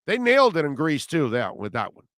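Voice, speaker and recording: A man's voice: on the high side, huge pitch swings, a little fast, fairly bright tone, no echo, studio quality. A man hosting a sports radio show, rambling and joking loosely about old movies. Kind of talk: casual sports talk.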